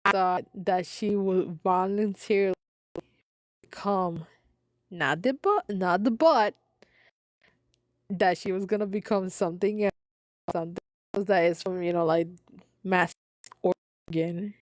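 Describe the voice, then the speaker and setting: A woman's voice: fairly low pitch, little pitch movement, unhurried, pauses often, a little mellow, no room sound, rough recording. A woman hosting a live stream, reading online posts aloud and commenting on them between frequent fits of laughter. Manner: giggly, breaks into frequent laughter.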